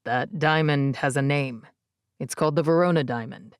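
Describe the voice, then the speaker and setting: A woman voicing an earnest young man proposing, speaking low and softly in an audiobook. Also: moderate pace, clear, resonant tone, no room sound, studio quality, lightly acted. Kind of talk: audiobook character reading. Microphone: close studio mic, dry.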